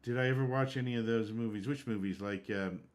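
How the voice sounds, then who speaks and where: A man's voice: medium pitch, fast talker. A man streaming a game, chatting casually and rambling from one topic to the next. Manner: rambling, conversational. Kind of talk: casual live-stream chat.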